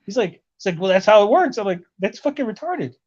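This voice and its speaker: A man's voice: high-pitched, very animated, fast talker, darkish tone. Profane rambling storyteller, man. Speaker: podcast host. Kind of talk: casual chat. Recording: lo-fi muffled audio.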